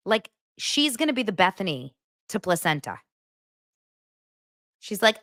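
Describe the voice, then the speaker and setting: A woman's voice: mid-range voice, big pitch swings, moderate pace, fairly bright tone, no echo, studio quality. A woman hosting a podcast, recapping reality TV in a blunt, sarcastic, casual way. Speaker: podcast host.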